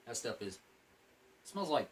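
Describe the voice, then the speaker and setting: A man's voice: mid-range voice, sing-song, moderate pace, a little hiss or hum, low-quality recording. A plain-spoken man giving a casual, rambling food review while eating and smoking, sometimes talking with his mouth full. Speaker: MRE reviewer.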